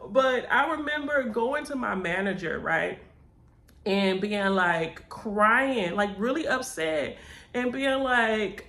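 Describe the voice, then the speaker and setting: Expressive woman in an echoey room. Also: mid-range voice, takes it slowly. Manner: expressive, animated, says "baby" and "child". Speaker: vlogger. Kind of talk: candid storytelling. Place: cousin's house.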